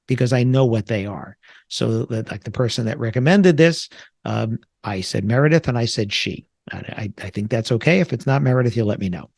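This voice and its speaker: Gravelly-voiced man hosting a podcast. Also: medium pitch, darkish tone, no echo, studio quality. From New York area. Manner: conversational, reflective, frequent filler words. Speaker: podcast host. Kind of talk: solo podcast monologue.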